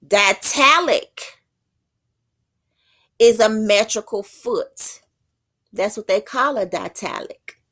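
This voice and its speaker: A woman teaching as a self-styled prophetess, thinking aloud in a halting way and stopping to read passages out. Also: medium pitch, a bit bright. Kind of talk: slow spoken teaching.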